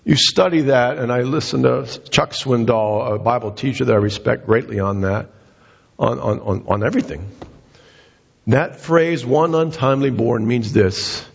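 A man's voice: medium pitch, normal speed, creaky, breathy edge. A man preaching a sermon as a pastor, telling the story earnestly and building to passionate emphasis. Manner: earnest storytelling, rising to impassioned. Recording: dull lo-fi recording in a reverberant hall.

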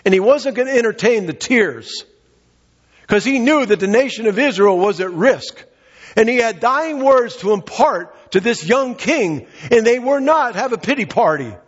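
A male pastor preaches with a high, animated voice that rises and falls. His tone is husky and a little breathy. The recording is dull and lo-fi, with a long reverb trailing off a large hall. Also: normal speed. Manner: earnest preaching, reads scripture aloud and explains. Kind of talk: sermon.

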